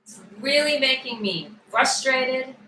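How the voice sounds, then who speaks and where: A woman coaching a guided tapping session, calmly voicing upset feelings aloud for listeners to repeat. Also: high voice, takes it slowly, roomy sound, slight background noise, poor audio.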